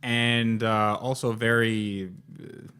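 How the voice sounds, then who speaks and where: A man's voice: lowish voice, level tone, slow, bright, forceful tone, clean tone. A young man hosting a casual car podcast, talking in a rambling, jokey way with lots of fillers and restarts. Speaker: podcast host.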